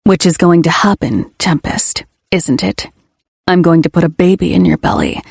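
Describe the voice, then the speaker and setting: A woman voicing a brooding, possessive young man in a romance audiobook, his voice hoarse, low and growly, blunt and commanding. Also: moderate pace, darkish tone, no room sound, clean studio sound.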